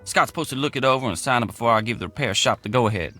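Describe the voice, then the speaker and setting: A man's voice: medium pitch, very fast, bright, forceful tone, faint music behind. An actor playing an easygoing, apologetic middle-aged male mechanic who talks in a folksy rural drawl, in a video game. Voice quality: rural drawl, slangy grammar.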